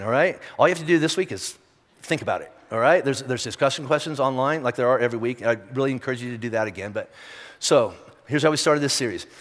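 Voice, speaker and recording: In a large church auditorium with a long, lingering reverb, a male pastor delivers a direct, conversational sermon peppered with rhetorical questions. His voice is a little high and somewhat bright.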